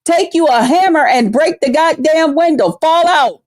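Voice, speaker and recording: A woman vlogger talking straight to her viewers in blunt, animated, heavily profane storytelling. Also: high voice, normal speed, no room sound, studio quality. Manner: blunt, animated, heavy cursing; laughs at her own jokes. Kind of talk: casual profane storytelling chat.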